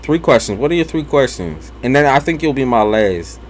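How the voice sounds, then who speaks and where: A young man, a tarot reader, chatting casually and bluntly between readings, profane and animated in his storytelling. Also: medium pitch, a little fast, slight background noise. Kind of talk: casual live-stream chat.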